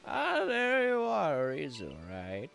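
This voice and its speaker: A stately elderly woman speaks in formal, old-fashioned phrases, put on by a man reading game dialogue. Her voice sits higher than an everyday man's and sounds a little distant. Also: huge pitch swings, slow pace, gravelly, a bit bright, soft background music, full character voice. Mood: formal, remorseful.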